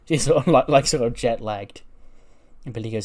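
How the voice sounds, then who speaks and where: A man's voice: medium pitch, moderate pace, a little mellow. A man casually narrating a wrestling simulation playthrough, chatty with lots of fillers. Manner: chatty, filler-heavy, laughs at own jokes. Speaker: video game narrator.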